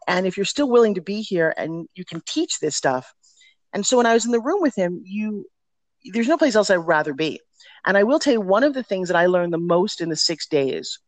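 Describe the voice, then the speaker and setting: A woman's voice: on the low side, no room sound. A middle-aged woman telling candid stories as a podcast guest, talking with energy and emphasis. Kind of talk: podcast interview storytelling.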